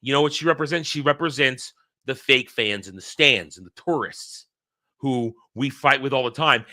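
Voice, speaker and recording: A man hosting his own channel delivers a casual solo monologue recounting a long dream, rambling and heated with many restarts. His voice is fairly high, bright and forceful.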